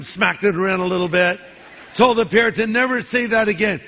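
A pastor in his sixties preaches a sermon through folksy, humorous stories, his high voice brisk and sharp in tone. The recording carries the long reverb of a large hall.

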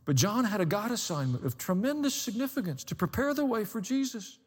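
A man's voice: high voice, animated, brisk, slightly rough, big-room sound. A man preaching a sermon as pastor, conversational with dry humor and building emphasis.

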